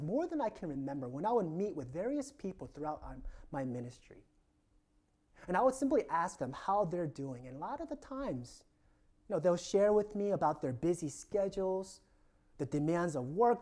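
Man preaching softly, trailing into near-whispers. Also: high voice. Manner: earnest, often trailing off into a near-whisper at phrase ends. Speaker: pastor. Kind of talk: sermon.

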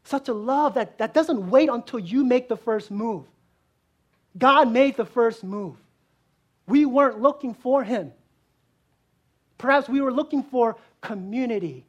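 Earnest woman preacher, high voice. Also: measured pace, long pauses, breathy edge. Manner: earnest, rhetorical questions, swings between loud emphasis and soft hushed lines. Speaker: pastor. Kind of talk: sermon.

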